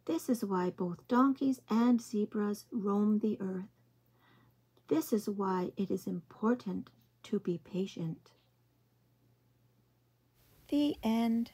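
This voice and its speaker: A woman reading picture books aloud to young children in a slow, gentle, expressive way. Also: medium pitch, husky. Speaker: early-years storytime reader.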